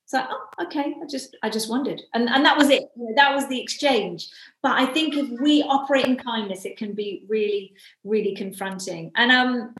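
A woman co-hosting a casual faith discussion podcast, telling everyday stories with quick asides. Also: fairly high pitch, a bit bright. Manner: chatty storyteller, quick asides. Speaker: podcast co-host. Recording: echoey room.

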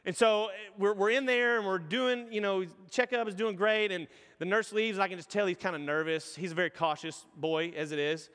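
A man's voice: high-pitched, a little fast, few pauses, smooth, big-room sound. A man in his thirties preaching a sermon as pastor, telling stories animatedly and acting out voices. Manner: animated storytelling with acted-out voices.

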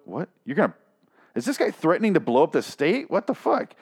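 A man's voice: a little high, wildly swooping pitch, fairly quick, husky. A man reading an article aloud and mocking it with profane, incredulous rants. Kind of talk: comedic reaction commentary.

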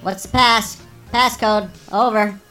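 A man's voice: sits high, fairly even intonation, takes it slowly, bright, forceful tone, faint music behind, voice pushed up, heavily acted, low-quality recording. A man voicing an unfamiliar boss who barks short orders over a radio. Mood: demanding.

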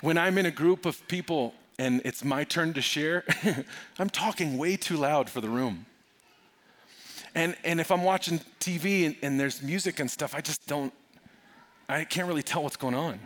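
Middle-aged pastor guy preaching, kinda high voice, goes from quiet and personal to loud and pushing. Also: normal speed. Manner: builds from soft confiding to loud urgent preaching. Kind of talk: sermon.

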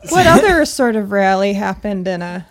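A woman's voice: medium pitch, sing-song, moderate pace, no room sound. A woman co-hosting a podcast, making brief, dry comments about a film. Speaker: podcast co-host. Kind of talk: casual film discussion.

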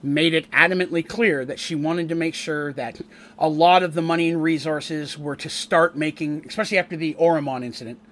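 Rambling game-master man, slightly high voice. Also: fairly even intonation, a little fast, fairly bright tone. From Canada. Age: adult, eldest grandchild with a wife. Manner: rambling, digressive, restarts sentences often. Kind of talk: casual stream recap of a tabletop campaign.

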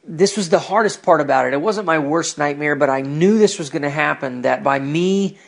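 Male host, higher-pitched, earnest and reflective, doing faith commentary. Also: moderate pace, gravelly. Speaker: podcast host with a ministry. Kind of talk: personal religious commentary.

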